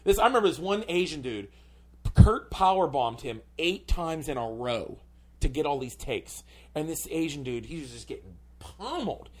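A man's voice: a little high, expressive, normal speed. A male comedian telling a story on a podcast, rambling and full of filler words. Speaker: comedian guest.

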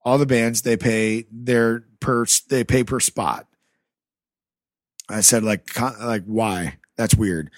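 A podcast guest from the American Rust Belt tells a story in a loose, casual way, swearing freely and acting out both sides of old conversations. His average-pitched voice, with fairly even intonation, moves slowly with long pauses and is captured on a close, dry mic with no echo.

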